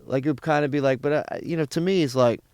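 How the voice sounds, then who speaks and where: Animated New man telling a story. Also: fairly high pitch, fast talker, clean tone, dry recording, studio quality. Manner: animated, profane, acts out other people's lines. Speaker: comedian guest. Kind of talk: casual storytelling chat.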